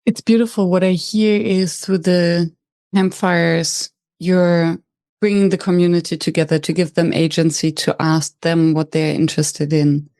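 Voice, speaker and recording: Mellow-voiced woman host interviewing. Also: fairly low pitch, level tone. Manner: summarizing and probing, measured. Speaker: podcast host.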